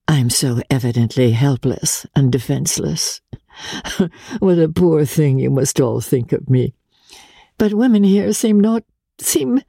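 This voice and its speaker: A woman's voice: deep voice, mellow, dry recording, clean studio sound, pitched above the performer's own voice, exaggerated voice. A woman reading as a wistful young countess. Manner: lightly teasing, petulant. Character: elegant, wistful foreign-raised young countess.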